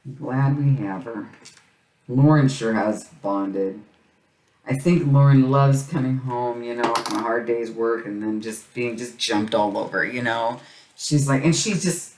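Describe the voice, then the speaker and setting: A woman's voice: a bass voice, measured pace, a little mellow. Chatty middle-aged woman, roomy and distant. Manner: chatty, rambling, repeats phrases. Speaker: crafting channel host. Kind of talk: casual chat while crafting. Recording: roomy, set back from mic, faint noise.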